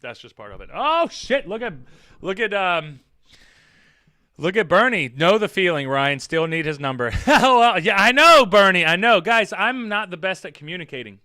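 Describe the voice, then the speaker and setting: Man, high and bright voice, loose profane streamer chatter, teasing the chat, dry close mic. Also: big pitch swings, moderate pace, no room sound. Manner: rambling, profane, teasing, laughs often. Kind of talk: casual live-stream chat.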